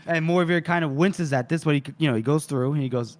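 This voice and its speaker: A man's voice: on the high side, fast talker, few pauses. A man co-hosting a podcast, animatedly recapping a novel and laughing often. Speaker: podcast co-host. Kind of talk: casual book recap.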